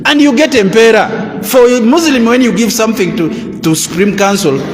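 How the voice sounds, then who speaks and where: A Ugandan man with a notably high voice delivers a preachy public address. He keeps posing rhetorical questions and answering them himself. His voice rings through a roomy hall with a long, echoing tail. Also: normal speed. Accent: Ugandan English. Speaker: religious council official. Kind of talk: public address to a Muslim audience. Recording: echoey hall with long reverb.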